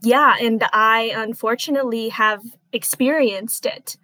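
A young woman speaking in a fairly high voice, telling her own story as an interview guest. She talks earnestly and haltingly and is close to tears. The sound is dry and close. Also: steady tone, no echo, low-quality recording. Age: 20s. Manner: earnest, halting, softly emotional. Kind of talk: emotional personal testimony.

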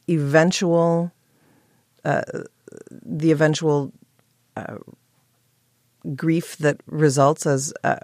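Hoarse, slow-talking woman with a gravelly voice. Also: low voice, a little mellow, no room sound, clean studio sound. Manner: thoughtful, pausing and restarting. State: hoarse morning voice, clearing throat. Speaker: playwright. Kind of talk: interview guest.

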